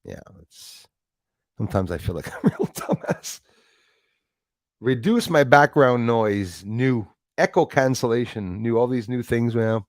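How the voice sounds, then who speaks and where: A man's voice: medium pitch, animated, unhurried. A man rambling through a casual live stream from his home setup. He restarts his sentences often and laughs at his own jokes. He talks into a USB microphone. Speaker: livestream host. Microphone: Yeti USB microphone.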